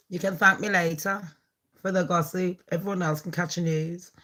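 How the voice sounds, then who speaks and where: Brash foul-mouthed woman with a bright voice. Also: fairly low pitch. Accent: Birmingham. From England. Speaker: gossip channel host. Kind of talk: casual gossip vlog.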